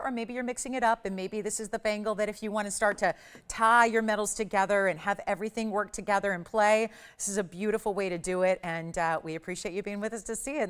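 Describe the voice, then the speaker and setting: A woman hosting a live shopping channel broadcast, giving a chatty, gushing sales pitch in a TV studio and repeating words for emphasis. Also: smooth. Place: television studio.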